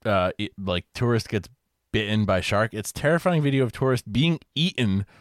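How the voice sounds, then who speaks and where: A man's voice: fairly low pitch, normal speed, no echo, studio quality. A young man joking and bantering casually on a podcast.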